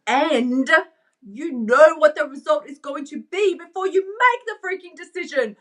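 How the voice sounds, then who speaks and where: A woman's voice: high-pitched, a bit bright. A woman, a coach giving a live-stream pep talk, emphatic and repeating lines to drive home her point while she chats with viewers. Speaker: weight-loss coach.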